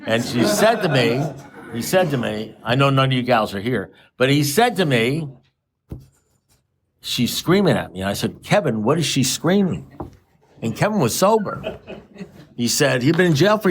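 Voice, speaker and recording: A man's voice: mid-range voice, slight background noise. A man telling his story at a recovery meeting, rambling and self-mocking with dry humor. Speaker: AA speaker sharing his story.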